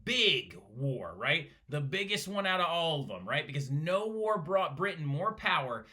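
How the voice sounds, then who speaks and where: A male history teacher lectures in a lively, bouncing voice. His tone is bright and a little high, and he keeps checking in with "right?" as he goes. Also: measured pace. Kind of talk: recorded classroom lecture.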